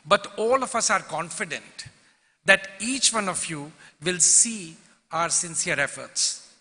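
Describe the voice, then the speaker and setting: A man's voice: high-pitched, lively intonation, takes it slowly, pushed and bright. A man, a club president giving a formal welcome address and reading prepared remarks. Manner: formal, lists dignitaries, reads prepared remarks. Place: large convention hall. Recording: long reverb from a large hall.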